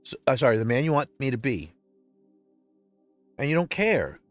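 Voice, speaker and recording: A very animated man with a mid-range voice vents on his livestream at a moderate pace, his emotional personal monologue swinging between quiet and loud. The recording is dry, with faint music behind him.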